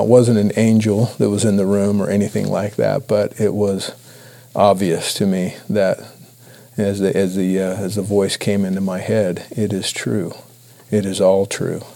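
Man from Idaho, low gravelly voice, earnest, halting, sharing testimony with a congregation. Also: mellow. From Idaho, USA. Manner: earnest, halting, many restarts. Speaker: church speaker. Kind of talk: personal testimony talk.

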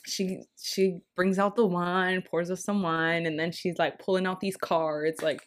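A young woman co-hosting a podcast, telling a dating story in a loose, slangy, animated way. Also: fairly low pitch, measured pace. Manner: slangy, laughing, animated retelling. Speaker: podcast co-host. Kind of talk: casual storytelling chat.

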